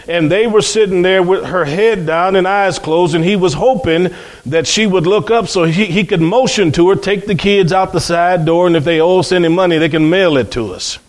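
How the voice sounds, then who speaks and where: A man's voice: sits high, normal speed. A man preaching a sermon, telling a revival story with dramatic quoted voices.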